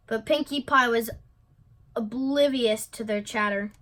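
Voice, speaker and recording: A woman reading a children's picture book aloud in an expressive way. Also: a little high, unhurried. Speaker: storybook reader.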